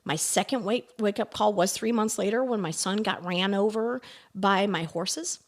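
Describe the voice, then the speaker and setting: A middle-aged woman, a podcast guest, telling personal stories in a casual, animated way, laughing often and dropping into soft asides. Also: mid-range voice, moderate pace. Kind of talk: casual conversational storytelling.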